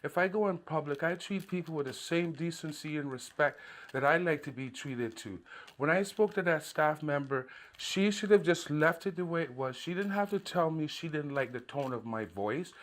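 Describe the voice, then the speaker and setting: A man's voice: on the high side, animated, moderate pace. A man recording a personal complaint monologue, recounting events at length in an aggrieved way and waving details off with repeated filler. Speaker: citizen filing a complaint.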